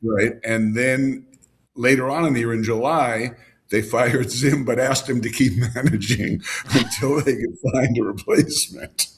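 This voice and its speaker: An older man, a baseball broadcaster, reminiscing in a relaxed podcast chat and piling up names and details. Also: medium pitch, unhurried, a little hiss or hum. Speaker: baseball radio broadcaster, guest. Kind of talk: casual storytelling in a podcast chat.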